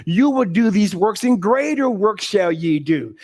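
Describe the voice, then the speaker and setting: A middle-aged man giving an animated sermon to a congregation, laughing often and leaning on preacherly emphasis. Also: high-pitched, measured pace. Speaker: spiritual speaker.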